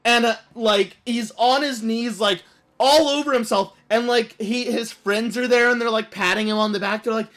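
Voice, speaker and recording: A man streaming a game, telling a story in an animated, rambling way full of fillers. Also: very high-pitched, normal speed. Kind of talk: casual storytelling while playing.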